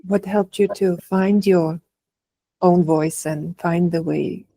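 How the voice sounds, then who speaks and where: A woman interviews a yoga teacher in a calm, measured way. Her voice is low and stays level, with a mellow tone. The recording is dry. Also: no echo. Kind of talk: interview questions.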